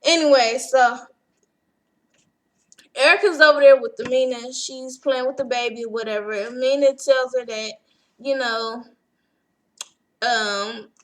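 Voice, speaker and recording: Sassy high-voiced woman recapping a show. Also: steady tone, unhurried, long pauses. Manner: chatty, sassy, acts out quotes. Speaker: TV recap vlogger.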